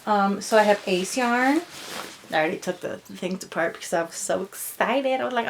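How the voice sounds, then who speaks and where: A woman's voice: mid-range voice, normal speed, a little hiss or hum. Bubbly young woman rambling casually. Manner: rambling, bubbly, lots of fillers, drops to a whisper at times. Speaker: doll vlogger. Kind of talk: casual chat.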